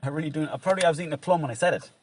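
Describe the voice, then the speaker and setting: An Irish man co-hosting a casual podcast, quick and jokey, swearing now and then. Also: on the high side. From Ireland. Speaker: podcast co-host, comedian. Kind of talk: casual chat. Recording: distant mic with loud noise and clicks.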